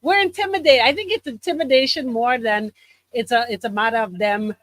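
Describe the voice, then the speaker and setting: A woman hosting a radio talk show, talking in a lively, folksy way and cheering her guest on. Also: on the high side, brisk, no room sound. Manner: lively, affirming, folksy slang. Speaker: radio host.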